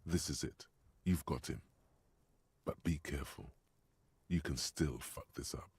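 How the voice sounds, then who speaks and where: A man voicing the inner voice of a game hero's mind, speaking in measured second-person advice and warnings. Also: extremely low pitch, gravelly, a little mellow, husky, dry recording, exaggerated voice. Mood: ominous advising.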